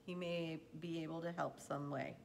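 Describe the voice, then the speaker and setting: Lady reading as a patient country dad, slow calm talk, gentle, low voice. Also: vocal fry, a little hiss or hum. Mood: reassuring. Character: kindly, patient farmer father, middle-aged man.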